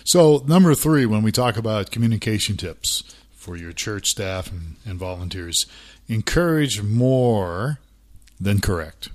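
A man's voice: on the low side, animated, measured pace. A middle-aged man co-hosting a casual podcast about church life, chatty and self-deprecating. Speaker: podcast co-host.

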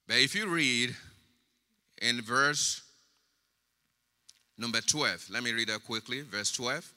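A male pastor preaching a sermon, swinging from quiet, drawn-out words to loud, emphatic lines. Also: mid-range voice. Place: church sanctuary. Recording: church hall with long reverb.

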